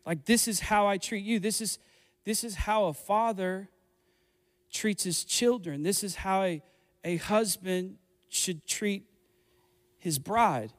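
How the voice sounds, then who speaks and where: High-voiced man preaching in an echoey hall. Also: takes it slowly, long pauses. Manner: earnest, building to impassioned appeals. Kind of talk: sermon. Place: church hall. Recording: echoey hall with faint music. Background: faint music.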